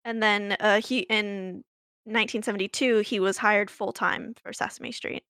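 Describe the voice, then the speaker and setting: A woman's voice: mid-range voice, steady tone, moderate pace, a bit bright, smooth, dry recording, clean studio sound. A woman co-hosting a podcast, telling a story in a chatty, laughing way with many fillers and restarts. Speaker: podcast co-host. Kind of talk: casual chat, storytelling.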